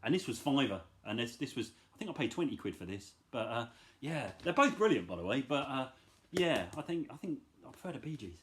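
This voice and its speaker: A man's voice: mid-range voice, big pitch swings, fairly quick, a bit bright. A middle-aged man casually chatting about his record finds, enthusiastic and rambling, with self-deprecating asides. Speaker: vinyl collector vlogger. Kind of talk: casual chat.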